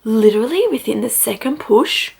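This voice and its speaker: A young woman chats to camera in a loose, storytelling vlog, her voice sitting a little high with a gravelly edge. She fills her sentences with "like" and keeps the tone casual and personal. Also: animated, moderate pace, a little mellow. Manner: chatty, full of "like" fillers. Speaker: vlogger.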